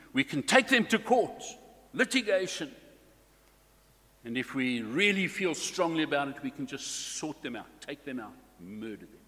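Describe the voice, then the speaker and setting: A man preaching a sermon to his congregation in a slow, deliberate way, stressing key words. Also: high voice, a bit bright, in a large hall.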